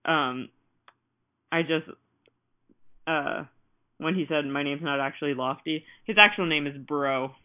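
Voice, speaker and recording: A man's voice: a little high, unhurried, pauses often. A man co-hosting a casual podcast chat, chatty and hesitant with fillers. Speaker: podcast co-host. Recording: tinny phone-like line.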